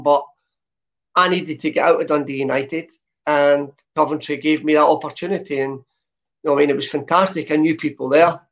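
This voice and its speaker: A man in his fifties from Scotland with a softened Glasgow accent, telling stories as an interview guest with a lot of filler sounds. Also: fairly high pitch. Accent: softened Glasgow Scottish. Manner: lots of uh fillers, chatty storytelling. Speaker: guest, former footballer. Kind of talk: relaxed interview chat. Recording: dull lo-fi sound.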